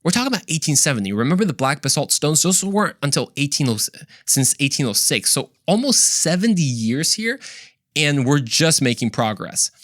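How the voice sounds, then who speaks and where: A man's voice: a little high, very animated, a little fast, a bit bright, dry recording, clean studio sound. A man hosting his own show, telling history in a casual storytelling monologue, chatty and self-correcting with frequent asides. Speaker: host.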